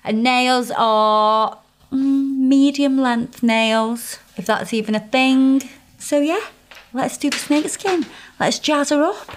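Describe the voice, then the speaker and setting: A woman's voice: high-pitched, takes it slowly. A woman working as a nail technician, chatting playfully and teasing herself while she explains each step. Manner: playful, self-mocking, talks straight to the viewer. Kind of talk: chatty tutorial banter.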